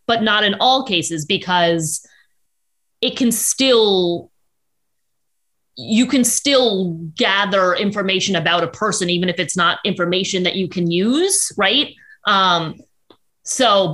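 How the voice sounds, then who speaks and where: A woman, a journalist guest on a podcast, talking casually in quick bursts with frequent restarts. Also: mid-range voice, fairly bright tone. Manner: chatty, quick with many restarts.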